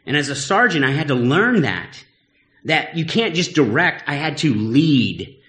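A man's voice: fairly high pitch, sing-song, a little slow, sharp tone. A man preaching a sermon in a conversational, earnest way, with teasing asides. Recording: echoey room.

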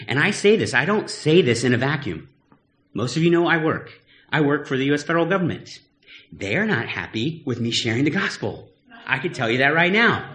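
A man's voice: fairly high pitch, a bit bright, reverberant. A middle-aged man, a pastor, preaching a sermon in a candid, conversational way and telling personal stories.

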